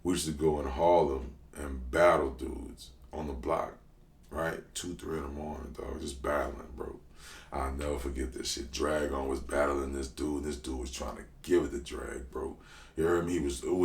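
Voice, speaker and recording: A rapper guest from New Orleans, with a very deep voice, shares stories in a relaxed interview, talking in slang with animated, quick jumps of excitement. A noticeable echo from the room hangs on his voice.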